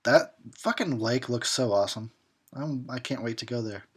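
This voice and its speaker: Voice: medium pitch, moderate pace, breathy edge. A horror host giving a drunken commentary on a film, rambling and swearing and often breaking into laughter.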